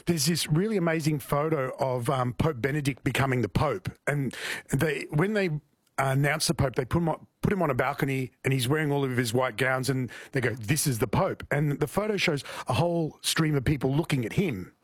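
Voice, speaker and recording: A man's voice: mid-range voice, brisk, breathy edge, no room sound, studio quality. A man, a comedian guest chatting casually on a radio show, often repeating words as he starts a thought.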